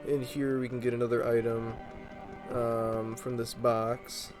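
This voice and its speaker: A man casually commenting on his video game playthrough, relaxed and rambling with plenty of fillers. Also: medium pitch, measured pace, low-quality recording. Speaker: let's play host. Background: game music.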